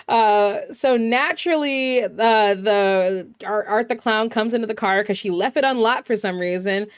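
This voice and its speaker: Woman, VTuber host, casual movie recap, swears a lot, lots of fillers, mid-range pitch, dry close sound. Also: unhurried, hardly any pauses, smooth, no echo. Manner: profane, animated storytelling with many fillers.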